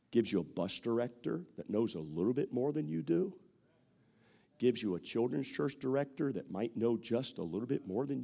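Middle-aged preacher guy, gravelly voice, lively ups and downs, goes from loud to soft and acts out quotes. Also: medium pitch. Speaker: pastor. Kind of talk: sermon.

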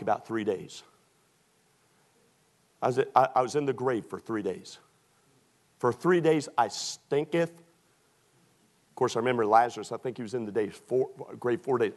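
A male preacher delivering a sermon, emphatic and full of rhetorical questions, swinging from loud shouts to low quiet asides.

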